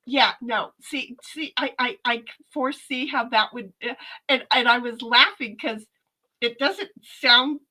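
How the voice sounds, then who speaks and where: Hosting a casual livestream from home, a woman speaks earnestly to her chat in a slightly high, sharp-toned, unhurried voice, reading out their comments. She often repeats words while gathering her thoughts and swears now and then, and the audio quality is poor.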